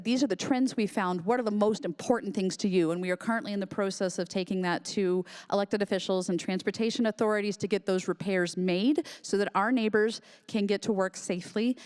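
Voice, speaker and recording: A woman presenting a short talk on a neighborhood walk audit in a steady, informative way. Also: mid-range voice, smooth. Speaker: community organizer speaker.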